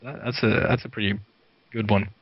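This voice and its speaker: A man from Sweden, a guest video director, telling lively anecdotes in casual chat and laughing often. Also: on the low side, a little fast, no room sound. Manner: lively storyteller, laughs often, many fillers. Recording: dry, dull lo-fi sound.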